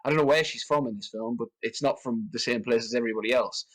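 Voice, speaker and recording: A man co-hosting a film podcast, talking in a rambling, animated way that jumps up in pitch when he rants. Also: quick pace, rough recording. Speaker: podcast co-host. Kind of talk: casual film discussion.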